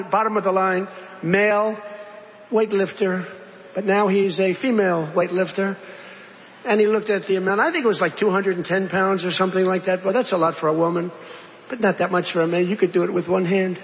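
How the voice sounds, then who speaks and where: A man's voice: high voice, fairly even intonation, a little fast, slight background noise. A man giving a rambling rally speech, full of boastful jokes and digressions. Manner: digressive, boastful, joking asides. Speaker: political speaker at a rally. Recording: echoey hall, slightly dull sound.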